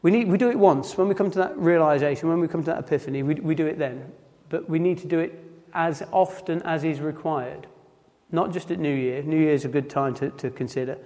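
A man with a Nottinghamshire accent giving an informal sermon in church, halting and often repeating words as he restarts. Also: fairly high pitch, mellow. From Nottinghamshire, England. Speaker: preacher. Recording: long hall reverb.

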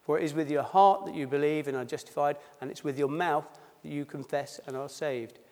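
A man's voice: a little high, fairly even intonation, fairly quick, a little mellow. A man preaching a sermon at a baptism service, a pastor who drops his H's and reads scripture before explaining it in plain, conversational words. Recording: long reverb in a church hall.

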